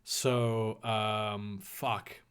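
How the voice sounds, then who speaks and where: A man's voice: on the low side, little pitch movement, very slow, a bit bright, smooth. A man giving a comedic reading, full of profane, rambling asides. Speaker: comedic reader.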